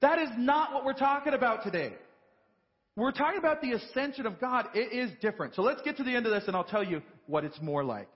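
A man's voice: very high voice, animated, quick pace, slightly rough, long reverb tail, highs cut off. A man preaching a sermon as pastor, in a conversational style full of rhetorical questions and "right?" asides. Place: church sanctuary.

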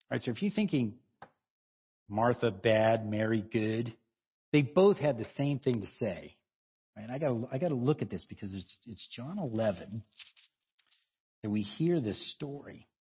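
A man delivers an informal, conversational sermon, his husky voice rising and falling with lively inflection. He talks in loose asides and chuckles between points. The recording sounds dull and lo-fi. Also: mid-range voice, moderate pace, pauses often. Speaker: preacher.

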